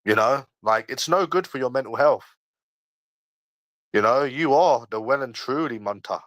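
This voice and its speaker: A man's voice: mid-range voice, lively intonation, normal speed, fairly bright tone, dry recording, low-quality recording. A young man in his early twenties with a London accent, hosting a casual livestream and answering chat in a defensive, argumentative, slangy way that keeps repeating points. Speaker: livestream host.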